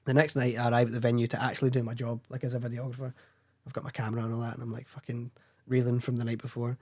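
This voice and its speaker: Fast-talking Scottish man telling stories. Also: mid-range voice. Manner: animated, swearing anecdotes, laughing often. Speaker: guest filmmaker. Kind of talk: casual storytelling chat.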